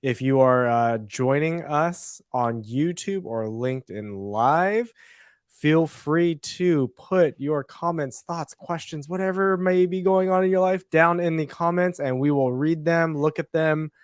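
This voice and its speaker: A man's voice: a little high, measured pace, smooth, no echo, clean studio sound. A man co-hosting a live-stream podcast, chatting loosely and laughing often. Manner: loose, laughing, rambling with restarts. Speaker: podcast co-host. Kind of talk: casual live-stream chat.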